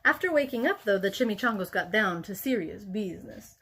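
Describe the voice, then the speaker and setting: A woman teacher reading a picture book aloud in an expressive, playful way. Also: medium pitch, a little fast, a little hiss or hum. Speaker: elementary school teacher.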